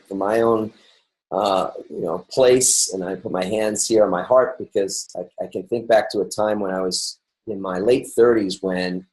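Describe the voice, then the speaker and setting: A podcast host from New York, middle-aged, carries on a casual interview in an upbeat, wandering manner with lots of restarts and fillers. His pitch is fairly low and his tone darkish, on a rough recording.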